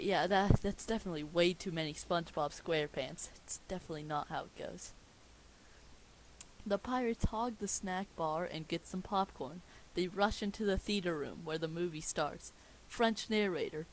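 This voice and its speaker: A woman's voice: lowish voice, moderate pace, slight background noise, rough recording. A woman reading a script aloud at home, joking at her own expense in a casual, sarcastic way. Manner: sarcastic, self-mocking asides. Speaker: script reader.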